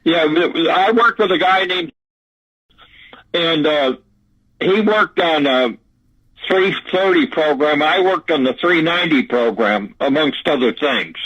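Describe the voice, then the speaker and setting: Older male guest on a muffled phone line, slightly high voice, halting, repeats himself. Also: a bit bright. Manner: halting, repeats words, drawling. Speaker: guest recounting an encounter. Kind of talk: casual storytelling.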